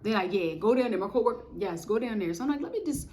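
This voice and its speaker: A young woman telling her faith testimony in a lively, preachy way, talking straight to her viewers. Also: medium pitch, fast. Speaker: testimony speaker. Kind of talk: casual spoken testimony.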